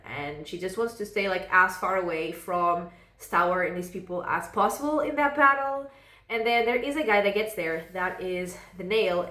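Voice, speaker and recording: On her book vlog, a woman with a lowish, slightly bright voice casually recaps a novel in a roomy-sounding space. She rambles along, plugging the gaps with "like."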